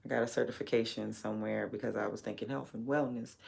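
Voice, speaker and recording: Gravelly woman chatting on her stream, blunt, swears a lot, laughs a bunch. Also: a bass voice, steady tone, fast, a little mellow. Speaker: livestreamer. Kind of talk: casual livestream chat.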